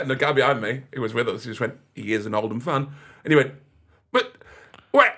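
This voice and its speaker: A man chats casually as a podcast guest. His voice is bright and forward with a husky grain, and he laughs through his stories and bursts into loud impressions of the people in them. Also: mid-range voice, big pitch swings, fast. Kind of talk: casual anecdotal chat.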